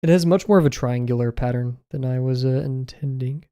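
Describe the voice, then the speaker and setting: A man's voice: medium pitch, a little fast, dark tone. A young man streaming as he draws, chatting casually in a rambling, amused way and often correcting himself. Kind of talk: casual chat while drawing on stream.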